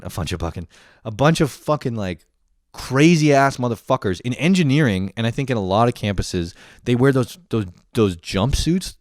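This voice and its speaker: This studio-quality clip, with no room sound, features a young host in a comedic monologue. He rants with lots of swearing, plenty of laughs and animated energy, in a medium-pitched voice.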